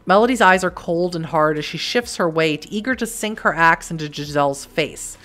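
A woman's voice: on the low side, moderate pace, fairly bright tone, soft background music. Woman reading a game aloud. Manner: wry, joking asides. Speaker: let's play host.

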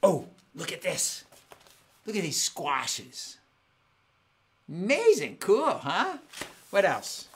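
A man hosting a live-streamed family concert, chatting excitedly with viewers at home between songs. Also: high voice, slow pace, pauses often, husky. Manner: excitable, chatty, warm with kids. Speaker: family concert singer and host. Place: home in Southern California.

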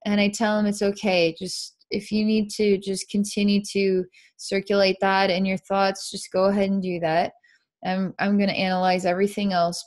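A woman psychic with a medium-pitched voice narrates a live energy-healing session. She's earnest and meandering, describing what she sees as it happens.

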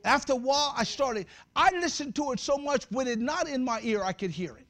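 A man preaching a sermon as pastor, talking straight to his congregation with humor and breaking into shouts at the high points. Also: fairly quick. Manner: conversational, addresses the congregation directly.

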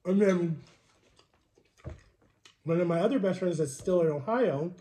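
A man's voice: high-pitched, unhurried, dark tone, echoey room. A young man chatting casually while eating on camera, venting in a rambling, frustrated way while sick with a cold. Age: young adult. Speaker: vlogger. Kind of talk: casual mukbang vlog chat.

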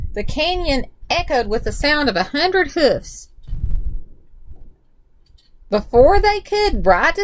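A woman reading a children's picture book aloud with animated storytelling. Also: high voice, poor audio.

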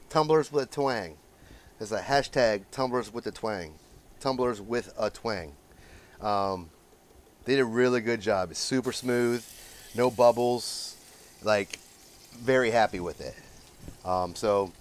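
Chatty man hosting a cooking vlog. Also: medium pitch. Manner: chatty, enthusiastic, stumbles and repeats words. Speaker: cooking channel host. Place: outdoor griddle cooking station.

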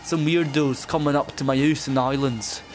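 A young man with a Scottish accent, doing a mock-proud comedy vlog in an exaggerated way that breaks into sudden shouting. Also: mid-range voice, fairly even intonation, moderate pace, soft background music. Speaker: comedy vlogger.

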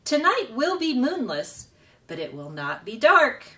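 A woman voicing a gentle, formal robot. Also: high voice, wildly swooping pitch, unhurried, far from the mic, heavily acted. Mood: calm, reassuring. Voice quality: precise, formal phrasing.

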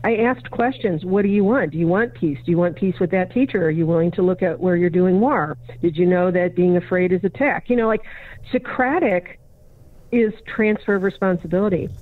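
A woman guest on a podcast, telling a story in conversation and acting out both sides of a dialogue. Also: on the low side. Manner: acts out both sides of a dialogue, plays each remembered voice. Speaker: podcast guest, educator and consultant. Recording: narrow, phone-like audio of a remote interview.

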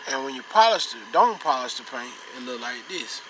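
A man's voice: medium pitch, very animated, brisk, a bit bright. A man hosting a car detailing channel, casually showing off the results and pointing them out over and over. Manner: repetitive, pointing things out. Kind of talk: casual how-to demonstration. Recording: noisy ambience, vehicle sounds.

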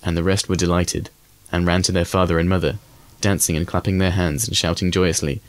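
A man reading a classic fairy tale aloud as an audiobook in a measured, even manner. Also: sits low, no room sound. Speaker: audiobook reader. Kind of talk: scripted storybook narration.

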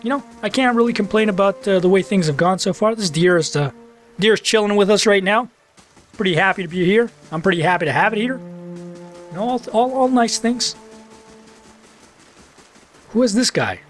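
A man narrating his playthrough in casual, excitable commentary. He swears freely and talks straight to the game. His voice is high and very animated, with faint game music behind him. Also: moderate pace, pauses often. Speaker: let's play commentator.

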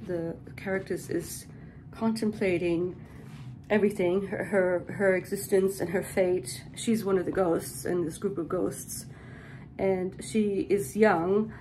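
A woman's voice: fairly low pitch, darkish tone, a little hiss or hum, low-quality recording. A woman giving a casual spoken book review, thinking aloud as she goes, enthusiastic and reflective, often hedging her phrases and circling back to rework her thoughts.

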